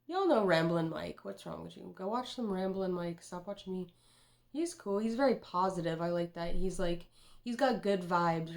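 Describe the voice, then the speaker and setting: This woman's voice is lowish and darkish, with vocal fry running through it. She's a tarot reader in her twenties making a rambling, casual vlog, profane and fond of saying "dude."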